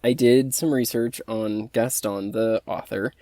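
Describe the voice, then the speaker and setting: A man co-hosting a podcast, talking in a tentative, unhurried way. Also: lowish voice, fairly even intonation, warm tone, dry recording, clean studio sound. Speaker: podcast co-host. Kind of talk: casual podcast chat.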